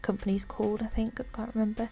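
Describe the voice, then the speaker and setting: A tired woman giving casual, rambling commentary while walking through a game, often unsure and filling pauses. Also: a little high, flat delivery, gravelly, warm tone, soft background music. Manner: rambling, unsure, lots of fillers. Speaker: gamer.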